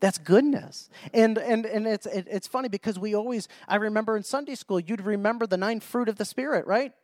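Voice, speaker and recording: A man with a notably high voice preaches a sermon, pressing his listeners with rhetorical questions and circling back on his own phrases. The sound is dry and close, with no room around it. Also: brisk, darkish tone, no room sound. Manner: rhetorical questions and frequent restarts; reads scripture in old-fashioned biblical wording.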